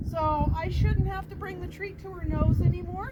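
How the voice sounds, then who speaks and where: A woman's voice: fairly even intonation, fairly quick, hardly any pauses, highs cut off. A woman dog trainer explaining each step plainly, outdoors near a road. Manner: explains steps plainly, praises the dog in a high sing-song voice. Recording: loud background noise.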